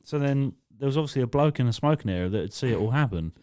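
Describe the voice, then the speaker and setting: Sweary bloke telling a story. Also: male voice, mid-range voice, lively intonation, rapid-fire, darkish tone. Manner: sweary, blunt and rambling. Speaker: podcast co-host, nightclub doorman. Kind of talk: casual storytelling chat. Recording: raw, unedited podcast.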